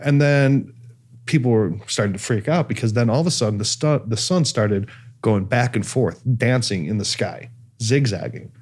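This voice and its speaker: A man's voice: medium pitch, normal speed, darkish tone. Chatty male podcast host. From Cleveland, USA. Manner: chatty storytelling with many fillers and restarts. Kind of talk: casual chat.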